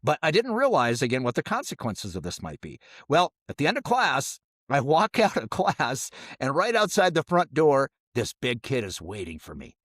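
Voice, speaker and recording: Animated male storyteller, lively voice. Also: mid-range voice, normal speed, hardly any pauses, no room sound, studio quality. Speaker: podcast co-host. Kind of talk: casual storytelling.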